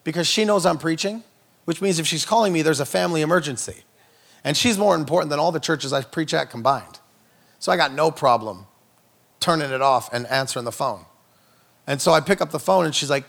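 Gravelly-voiced preacher telling funny stories. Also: male voice, fairly quick, fairly bright tone. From Norway. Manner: playful, jokey, acts out quotes with big pitch jumps. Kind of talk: comedic sermon storytelling.

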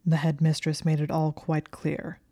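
A woman reading the lines of a cold, resentful teenage boy wizard, clipped and flat. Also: sits low, normal speed, no echo, clean studio sound.

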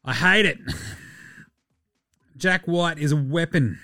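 A man with an Australian accent hosting a casual solo sports podcast, loose, sweary and quick to laugh. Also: fairly high pitch, bright, forceful tone, dry recording. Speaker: podcast host.

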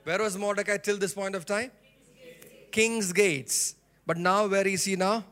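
A man's voice: sits high, fairly even intonation, unhurried, a bit bright. A male pastor preaching a sermon in a church, leading the congregation in call-and-response with emphatic repetition. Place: church sanctuary.

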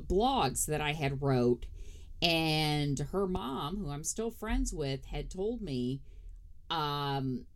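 A woman in her forties hosting a casual podcast, telling blunt, profane stories about her family with a lot of laughter. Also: low voice. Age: 40s. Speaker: podcast host.

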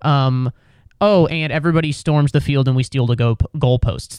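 In clean, dry studio sound, a young male podcast host rambles through casual sports talk, cursing and sounding exasperated. His voice has a clean, darkish tone at normal speed, jumping into high, mocking impressions when he imitates people.

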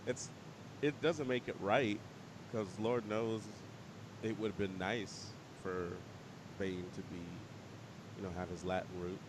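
A man hosting a casual podcast chat, easygoing and quick to react with surprised questions. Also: lowish voice, steady tone, slight background noise, rough recording.

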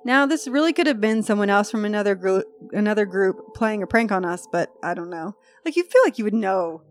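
A woman's voice: mid-range voice, expressive, fairly quick. A woman hosting a podcast in casual chat, reading a post aloud with chatty, freely swearing asides. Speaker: podcast host.

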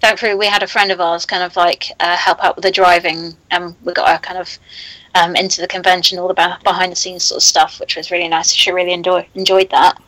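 Brief: woman guest, halting casual chat, fillers throughout, dry close recording. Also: on the low side, level tone, a bit bright, no echo, low-quality recording. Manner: hesitant, lots of ums and likes. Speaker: guest comic creator.

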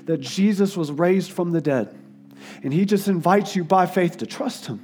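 A male guest preacher giving an earnest sermon, sometimes emotional and dropping his voice softly for quotes. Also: moderate pace, a little hiss or hum. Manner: earnest, tearful in places, drops to soft low tones for quotes. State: crying at times.

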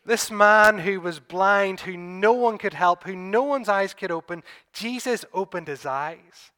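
A man preaching as pastor recounts a gospel story in vivid detail, directly addressing listeners as "you." His high-pitched voice moves at a measured pace, rising to fervent peaks and receding into quiet moments.

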